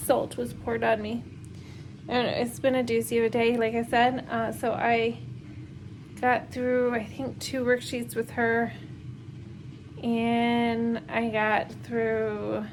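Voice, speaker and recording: Rambling through a casual vlog as she does the laundry, this woman in her thirties, who homeschools her kids, fills her speech with fillers and nervous laughs. Her voice is fairly high, and the audio is poor with slight background noise.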